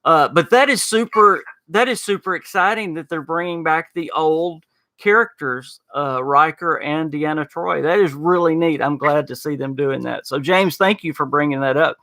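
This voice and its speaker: A man's voice: on the high side, normal speed, sharp tone, no echo. A man with a Southern US accent hosting a casual podcast, chatting folksily with his audience and peppering his talk with y'all. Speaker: podcast host. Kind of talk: casual podcast chat reading live chat.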